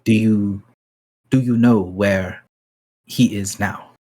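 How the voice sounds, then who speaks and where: A man voicing a formal, courteous male runner soldier with hooves, speaking slowly and stiffly. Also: lowish voice, steady tone, a little mellow. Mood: earnest. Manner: slow, stiff, courteous speech.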